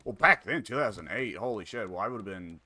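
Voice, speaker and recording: A man in his twenties chatting casually with a friend while gaming, relaxed and quoting comedy lines. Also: fairly low pitch, brisk.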